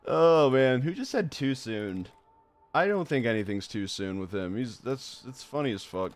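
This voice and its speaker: A young man streaming a horror game live, rambling off on tangents with frequent swearing and laughter, and reading the on-screen text aloud quickly. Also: mid-range voice, lively intonation, faint music behind. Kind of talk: live gameplay commentary.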